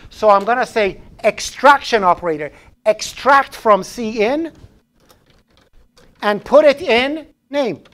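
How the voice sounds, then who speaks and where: With a very high, animated, slightly bright voice, a man teaches a live programming class in a classroom at a measured pace. He's chatty, often restarting phrases and tossing in joking asides.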